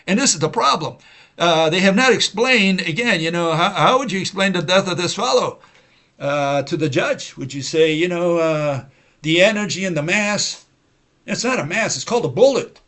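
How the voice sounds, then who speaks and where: A man with a somewhat high, slightly bright voice hosts a science-skeptic livestream, lecturing in a long, rambling monologue at a moderate pace. He is animated and argumentative, repeats himself, fills pauses with "uh" and "you know," and mocks opponents by mimicking them in quoted voices.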